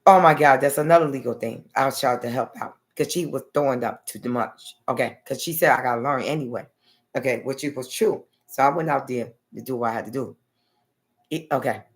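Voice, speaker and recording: A woman's voice: a bass voice, a little fast. A woman vlogger telling a long personal story in a rambling, blunt way, often adding okay and honey.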